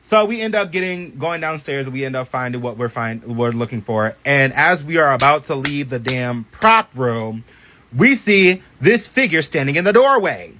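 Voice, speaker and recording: A man telling a personal story in a casual storytime vlog, animated and profane, with many chatty asides. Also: medium pitch, normal speed, slight background noise.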